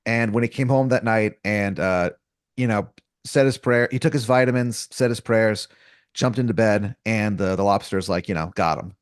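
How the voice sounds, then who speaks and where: A man's voice: on the low side, normal speed, clear, resonant tone, dry recording, clean studio sound. A man running an improvised comedy story as game master, rambling and casual with lots of fillers, restarts and crude slang.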